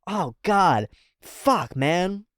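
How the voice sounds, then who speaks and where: A man hosting a casual anime reaction, thinking aloud with fillers, laughing often and breaking into loud, high-pitched exclamations. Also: lively intonation, drawn-out words, no echo, studio quality.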